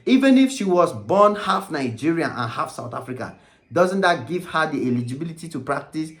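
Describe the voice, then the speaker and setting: A man's voice: a little high, big pitch swings, fairly quick. A man in his forties giving an argumentative opinion commentary that is full of pointed questions. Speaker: commentary vlogger.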